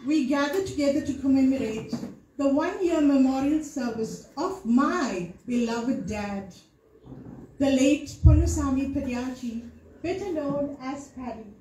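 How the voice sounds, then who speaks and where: A woman's voice: high-pitched, mellow. Emotional middle-aged woman, eulogy. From South Africa. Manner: emotional, earnest, carefully measured delivery. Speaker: daughter giving a eulogy. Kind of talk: prepared memorial speech. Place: temple hall. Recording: echoey hall sound.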